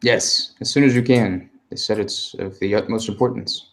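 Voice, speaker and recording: A man plays a timid young village boy delivering a message, polite and a little scared. The voice sits low and fairly flat, close to the man's own. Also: moderate pace, gravelly. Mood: apprehensive. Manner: polite, hesitant, eager to please.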